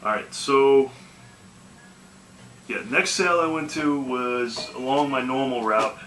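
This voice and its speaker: Faint music and echo fill the room as a video game collecting vlogger takes his time telling yard-sale stories. His mid-range voice is a bit bright, and there's a little hiss or hum. His manner is easygoing and meandering, full of "man" and "you know."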